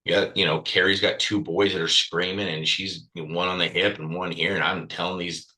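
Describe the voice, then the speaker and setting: A man's voice: low voice, little pitch movement, moderate pace, sharp tone, low-quality recording. A man speaking as a podcast guest, telling a candid personal story bluntly, swearing freely and with raw emotion.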